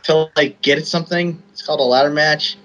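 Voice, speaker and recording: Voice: medium pitch, fairly even intonation, brisk, fairly bright tone, rough recording. A co-host in casual podcast chat, mocking and swearing.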